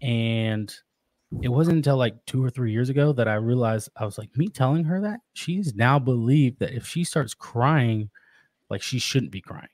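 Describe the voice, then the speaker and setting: A man's voice: mid-range voice, lively intonation, moderate pace, darkish tone, no echo, studio quality. A man guesting on a podcast, talking about being a father in an earnest, reflective way, often restarting his sentences. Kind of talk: casual interview talk.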